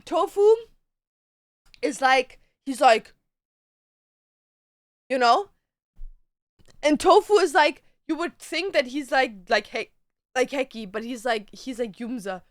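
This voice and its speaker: A woman with a high, bright voice chats casually on a live stream from her home. She talks at an unhurried pace, slipping into playful sing-song baby talk for her cats and tossing in casual swearing. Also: lively intonation, no room sound, clean studio sound. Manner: swears casually, drawn-out joking phrases.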